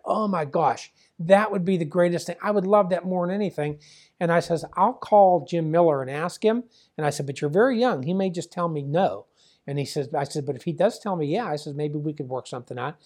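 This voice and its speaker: An older man from the Pittsburgh area, a former wrestling promoter and father, tells a long family story in an interview in a slightly high voice. He rambles and keeps relaying back-and-forth dialogue with "he goes" and "I says," sounding like a plainspoken dad remembering things out loud.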